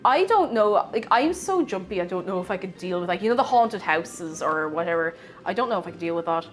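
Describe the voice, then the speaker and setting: A woman's voice: on the low side, expressive, a little fast, soft background music. A woman chatting casually with her live-stream chat while baking in her home kitchen, bubbly and reading out and answering messages.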